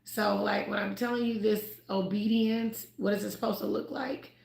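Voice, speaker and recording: A chatty, expressive woman who grew up in Ohio and Houston, talking casually about faith on a livestream and laughing often. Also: medium pitch, moderate pace, vocal fry, a little hiss or hum. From United States (Ohio, raised in Houston). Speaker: livestream host. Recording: roomy echo.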